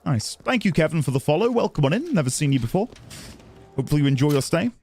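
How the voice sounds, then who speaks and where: A man's voice: on the high side, sing-song, fast talker, a little mellow. Chatty man streaming a game. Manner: reflective, chatty, thanking viewers. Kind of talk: casual gameplay commentary.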